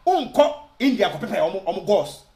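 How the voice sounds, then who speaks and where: A man's voice: high voice, sing-song, fast, a little mellow. Argumentative Ghanaian man in an echoey room. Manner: argumentative, mixes Twi and English, rhetorical questions. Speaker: online commentator. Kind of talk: video commentary.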